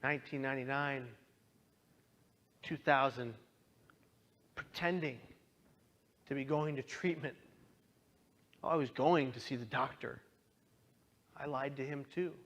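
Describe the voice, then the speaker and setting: A man telling his own story as a dramatic testimony, impassioned and pleading, swinging from hushed lines to loud outbursts. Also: mid-range voice, fairly even intonation, a little slow, long pauses. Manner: pleading, directly addresses listeners. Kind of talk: dramatic personal testimony talk.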